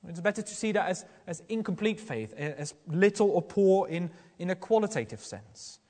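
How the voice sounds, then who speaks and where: Earnest male preacher, high voice, long hall reverb, restarts often. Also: lively intonation, normal speed, a little mellow. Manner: earnest, questioning, with frequent restarts. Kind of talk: sermon.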